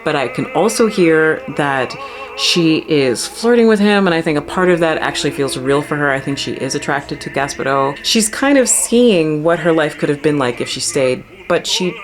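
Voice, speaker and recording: Low-voiced chatty opera singer woman. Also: moderate pace, faint music behind. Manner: chatty, animated, enthusiastic. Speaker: opera singer and channel host. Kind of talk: casual opera plot explainer.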